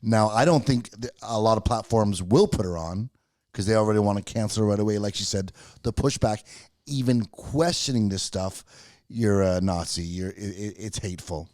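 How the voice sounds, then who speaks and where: A man's voice: on the low side, moderate pace, darkish tone, dry recording, studio quality. A man co-hosting a podcast in casual chat, earnest and stammering through restarts. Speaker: podcast co-host.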